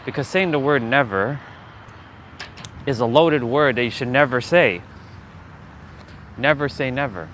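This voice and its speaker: A man's voice: medium pitch, a little slow, long pauses, fairly bright tone, slight background noise. A man live-streaming from his phone while walking outdoors, chatting casually and laughing often as he talks to his viewers. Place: outdoors on a street. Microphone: phone on a gimbal.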